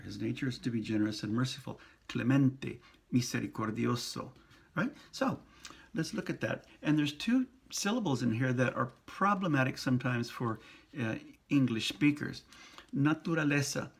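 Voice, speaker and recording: A priest giving a casual pronunciation lesson, speaking slowly and patiently, repeating and sounding out syllables. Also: male voice, medium pitch, gravelly, husky. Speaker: priest teaching Spanish pronunciation.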